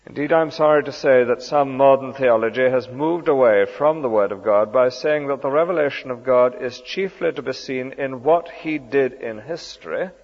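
A man's voice: medium pitch, normal speed, few pauses. A man preaching a sermon in an earnest, emphatic way, asking the listeners questions. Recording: dull sound with long hall reverb.

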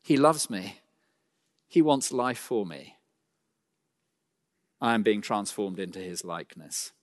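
A man preaching a sermon, swinging between loud emphatic lines and quiet slowed phrases, with dry asides. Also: on the low side, animated. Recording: long hall reverb.

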